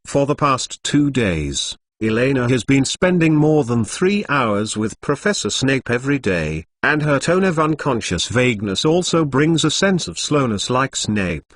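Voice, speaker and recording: A man giving a steady, scripted narration of a translated fantasy novel. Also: medium pitch, unhurried, few pauses.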